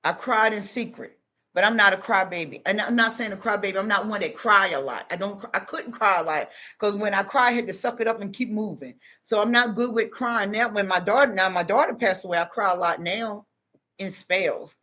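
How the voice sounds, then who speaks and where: A woman's voice: mid-range voice, fairly quick, bright, forceful tone. Emphatic middle-aged woman giving advice. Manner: emphatic, repetitive, preachy. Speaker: advice vlogger. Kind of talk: casual advice monologue.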